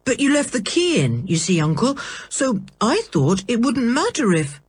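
Reader doing a level-headed teen boy from a storybook, husky, a touch raised. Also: a little high, moderate pace, no room sound, voice pushed up. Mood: reasonable. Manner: calm, reasonable explaining. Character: polite, sensible older schoolboy.

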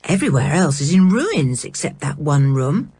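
A woman reading a storybook, voicing a brisk, matter-of-fact boy. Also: low-pitched, sing-song, mellow, husky, dry recording, exaggerated voice.

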